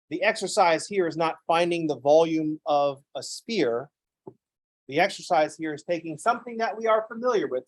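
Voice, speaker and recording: Male math instructor, higher-pitched, dry close sound, chatty and self-deprecating. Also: no echo, poor audio. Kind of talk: lecture with digressive anecdotes.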